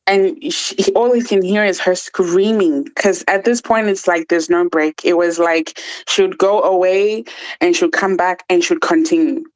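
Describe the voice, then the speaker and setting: A woman's voice: fairly low pitch, steady tone, low-quality recording. Earnest woman telling a personal story. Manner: earnest, halting with frequent restarts. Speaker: podcast guest.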